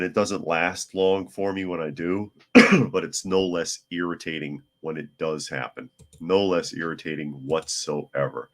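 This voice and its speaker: A hoarse man hosting a casual news talk podcast, chatty with wry asides. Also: low-pitched. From United States. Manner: chatty, wry asides, talks to his cat. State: hoarse from a cold. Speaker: podcast host.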